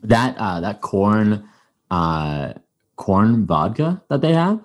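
A man's voice: fairly low pitch, sing-song, slow. A man hosting a podcast, chatting casually and rambling with many fillers and restarts. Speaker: podcast host. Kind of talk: casual chat.

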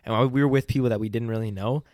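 A young man co-hosting a podcast, telling stories in a lively, laughing way and swearing casually. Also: medium pitch, very fast, no room sound, studio quality. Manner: animated storyteller, laughs often, swears. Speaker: podcast co-host. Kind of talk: casual chat. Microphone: podcast mic.

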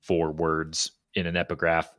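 A man's voice: low-pitched, completely flat delivery, measured pace, fairly bright tone, dry recording. A man co-hosting a podcast, talking through ideas in a thoughtful, hesitant way with frequent restarts. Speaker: podcast co-host. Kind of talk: casual book discussion.

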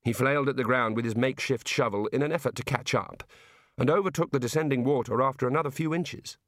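A man reading a novel aloud as an audiobook narrator, in measured storytelling. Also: medium pitch, fairly bright tone, dry recording, studio quality. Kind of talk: scripted narration.

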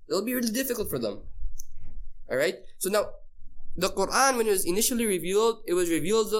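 A man's voice: high-pitched, a bit bright. A man teaching a casual class, quizzing his listeners and repeating key phrases for emphasis. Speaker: Islamic teacher.

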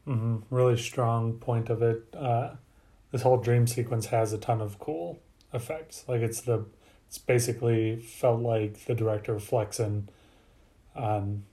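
A man's voice: medium pitch, steady tone, a little slow, mellow. A man co-hosting a movie review podcast, rambling and analytical, loose with his swearing. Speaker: podcast co-host. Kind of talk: casual movie review chat.

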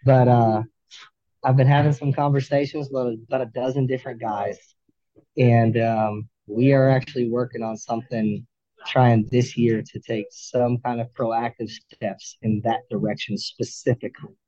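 A man, a firefighter, talking earnestly as a podcast guest, with halting restarts. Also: mid-range voice, level tone, mellow, no room sound, highs cut off. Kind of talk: candid interview talk.

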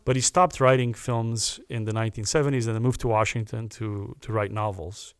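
A man, a podcast guest, telling a personal story in an earnest, animated way and acting out the people he quotes. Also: on the low side, brisk, smooth, dry recording, clean studio sound.

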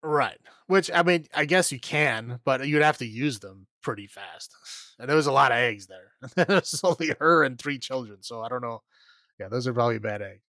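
A man recaps a film for a podcast in a loose, rambling way, laughing often and filling pauses with fillers. His pitch sits mid-range, and the close, dry mic gives no room sound. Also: expressive, bright, forceful tone, dry recording. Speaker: podcast co-host. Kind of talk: casual movie recap chat.

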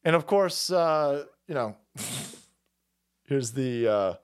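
A man's voice: mid-range voice, animated, extremely slow, clean tone. A man hosting a livestream, ranting about politics in a heated, crude and mocking way and swearing constantly. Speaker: livestream host. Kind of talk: profane political rant on a livestream.

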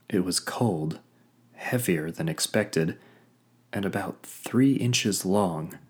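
A man reading a first-person story as a narrator, measured and sometimes hushed. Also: deep voice, breathy edge. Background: faint background music.

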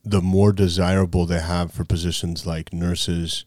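A man's voice: sits low, moderate pace, dry recording, clean studio sound. A man from Montana telling stories in casual podcast chat with his co-host. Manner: storytelling, relaxed and conversational.

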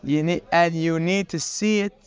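High-voiced man teaching a Torah class. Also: moderate pace, clean tone, a faint crowd. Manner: animated storytelling, sprinkled with Hebrew terms. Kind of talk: daily morning Torah class.

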